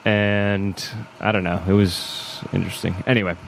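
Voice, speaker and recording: A man hosting a casual podcast chat, relaxed and rambling as he talks. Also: on the low side, moderate pace, vocal fry, slight background noise.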